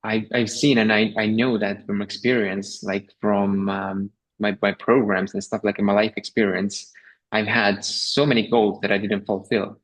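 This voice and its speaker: A man hosting a podcast speaks in a reflective, halting way, searching for his words and restarting phrases. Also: lowish voice, flat delivery, rough recording. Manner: hesitant, many fillers and restarts, reflective. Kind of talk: conversational podcast talk.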